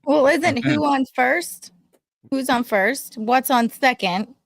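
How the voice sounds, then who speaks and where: Slow-talking woman reading chat aloud. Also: sits high, no echo. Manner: reads chat comments aloud, laughing. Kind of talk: casual chat.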